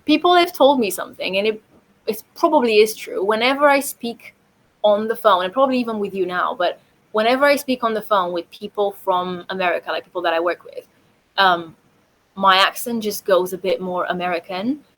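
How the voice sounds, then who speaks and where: A young woman chats on a podcast in a medium-pitched voice. She is talkative and loose, peppering her speech with "like." She laughs easily. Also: a little fast, a bit bright, poor audio. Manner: chatty, full of fillers like "like", laughs easily. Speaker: podcast guest. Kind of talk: casual chat.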